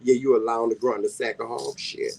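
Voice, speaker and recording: A man with a Southern US accent, hosting a casual vlog chat and telling teasing stories in an animated way. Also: mid-range voice, brisk, vocal fry, slightly rough, low-quality recording. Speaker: vlog host.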